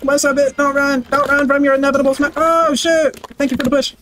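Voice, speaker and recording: Man, gameplay commentary, very high voice, brash trash talk, barked commands. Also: little pitch movement, a little fast, a bit bright, slight background noise. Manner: barks repeated commands and chants. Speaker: gaming video creator.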